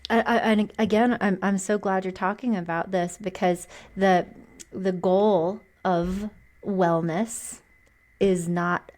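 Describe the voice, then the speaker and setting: A woman's voice: medium pitch, fairly even intonation, slow, a little mellow. Affirming woman hosting a podcast. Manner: affirming listener. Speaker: podcast host. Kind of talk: casual conversation.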